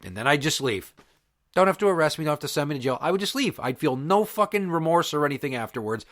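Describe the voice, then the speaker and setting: A man's voice: on the high side, very animated, quick pace, a bit bright. A man and father hosting a podcast, delivering an angry, profane and emphatic solo rant. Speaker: podcast host.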